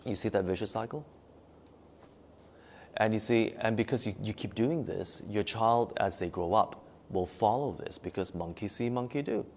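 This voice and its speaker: A man's voice: fairly low pitch, moderate pace, darkish tone, a little hiss or hum. A man leading a live-streamed meditation teaching, talking emphatically, repeating key words for stress, and reading out and answering viewers' comments. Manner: reads viewers' comments aloud and replies. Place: meditation room at a forest retreat.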